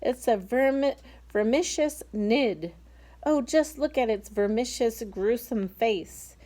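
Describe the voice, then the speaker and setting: A nervous male police chief from a storybook, fretting and muttering warnings. A woman acts him out while reading aloud. His voice is raised and soft-toned. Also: fairly high pitch, animated, slow, voice pushed up.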